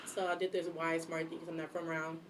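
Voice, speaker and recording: A woman in her twenties co-hosting a casual podcast chat, talking quickly and animatedly, laughing often. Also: sits low, flat delivery, very noisy. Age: 20s. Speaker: podcast co-host.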